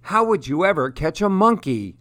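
A man's voice: sits high, big pitch swings, normal speed, fairly bright tone, dry recording, voice pushed up. A man voicing a wise old male crocodile in a storybook, talking in a doubtful, reasoning way.

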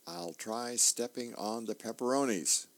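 A bumbling army sergeant voiced by a man reading aloud speaks up in a dismayed, exclaiming way. The voice is pushed a little higher than the reader's usual low one and stays unhurried. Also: animated, creaky.

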